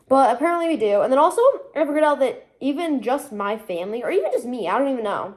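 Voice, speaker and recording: A young woman with a Michigan accent talks through a casual cooking vlog in a slightly high voice. She rambles and leans on "like" over and over. She is recorded on a phone set up on her kitchen counter. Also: expressive, very fast, hardly any pauses. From Michigan, USA. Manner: rambling, chatty, frequent "like" fillers. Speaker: vlogger. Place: home kitchen, indoors. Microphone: phone propped on the counter.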